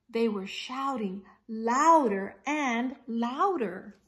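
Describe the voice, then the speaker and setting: Slow, expressive woman reading a children's story. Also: mid-range voice. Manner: slow, expressive, asks listeners questions. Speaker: teacher reading aloud. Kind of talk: children's story read-aloud.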